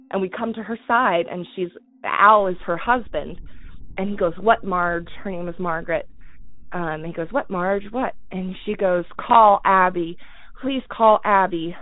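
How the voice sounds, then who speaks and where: A woman's voice: fairly low pitch, no echo. Woman telling a story over a tinny phone line. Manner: halting, with fillers and soft laughs. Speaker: caller telling a personal story. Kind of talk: casual spoken storytelling.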